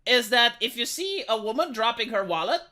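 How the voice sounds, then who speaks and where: A woman's voice: fairly high pitch, a little fast. A woman from Romania giving dry, mocking reaction commentary on a viral video. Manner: dry, mocking, deadpan asides. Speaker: commentary YouTuber.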